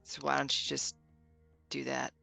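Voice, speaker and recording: A woman with a gravelly, bright, edgy voice plays her character at a tabletop game, blunt and teasing, with giggles between lines. The recording is dry and close, with faint music behind her. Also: extremely low pitch, monotone, a little slow, dry recording. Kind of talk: in-character tabletop role-play.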